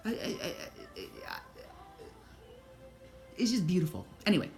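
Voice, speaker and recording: A woman vlogger telling a personal story in an animated monologue, swearing freely and quoting her own thoughts aloud. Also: fairly low pitch, measured pace, soft background music.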